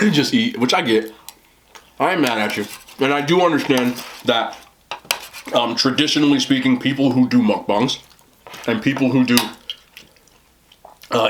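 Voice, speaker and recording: A man's voice: medium pitch, noisy background. A young man who vlogs about eating, chatting casually as he eats on camera, often talking with a mouthful and rambling. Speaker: mukbang vlogger.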